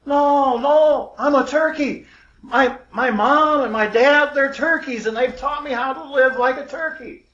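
A man's voice: high-pitched, slow, a bit bright, exaggerated voice. A man voicing a young lost eagle who believes he is a turkey, speaking earnestly and plainly in a folksy storytelling way. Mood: insistent. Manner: earnest, wide-eyed, folksy. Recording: roomy, dull lo-fi recording.

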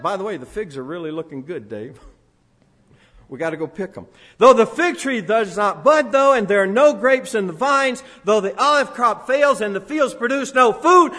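An older man preaching a sermon in a church, swinging between loud proclamation and quiet asides. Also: high voice. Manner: sings a few lines of a song. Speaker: pastor. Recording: long hall reverb.

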